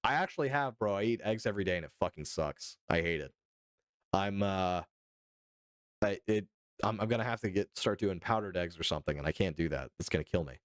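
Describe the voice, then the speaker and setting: A man's voice: deep voice, lively intonation, a little fast, dry recording, clean studio sound. A man from the United States chatting casually on a live stream, joking with a lot of swearing and answering his chat.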